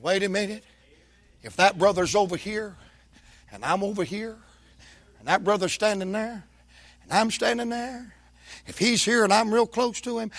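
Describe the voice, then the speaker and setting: High-voiced preacher with dramatic swings. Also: male voice, normal speed, pauses often, no room sound. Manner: dramatic, swings from shouts to whispers, folksy. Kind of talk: sermon.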